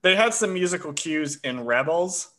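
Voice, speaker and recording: A podcast co-host chats casually about an episode, his voice pitched on the high side and expressive at a moderate pace, with a loud crowd behind him. Calling himself a history nerd, he's chatty and drops frequent "uh" fillers.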